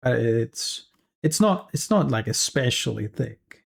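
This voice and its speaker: A streamer from Africa, chatting casually and haltingly, trailing off and correcting themselves mid-sentence. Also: mid-range voice, sing-song, creaky, breathy edge. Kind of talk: casual stream chat while working.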